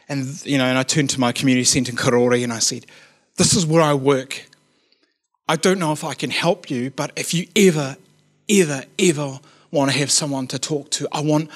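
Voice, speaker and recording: Chatty New man telling a sermon story. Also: fairly high pitch. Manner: casual, chatty, asides of "you know what I mean"; drops to a quiet, earnest tone at serious moments. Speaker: youth worker and preacher.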